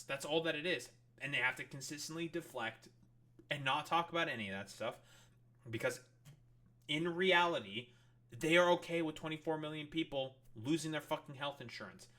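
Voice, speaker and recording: Angry swearing male streamer, bright voice. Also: a little high. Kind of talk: profane political rant reacting to a clip.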